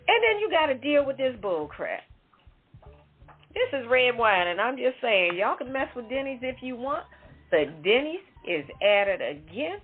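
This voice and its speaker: A woman co-hosting a talk show, giving an emphatic, indignant commentary. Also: fairly high pitch. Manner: emphatic, indignant, conversational with asides. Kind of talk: opinion commentary segment. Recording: tinny phone-line audio.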